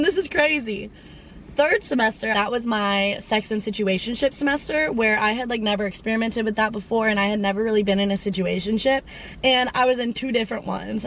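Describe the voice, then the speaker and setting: A young woman of around twenty talks in a loose, chatty way, drifting off on tangents and sprinkling in fillers. Her voice sits at an ordinary middle pitch. A faint hum of traffic runs behind her. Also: a bit bright, low-quality recording. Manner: rambling and chatty, full of tangents and "like". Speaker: podcast host. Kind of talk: casual chat.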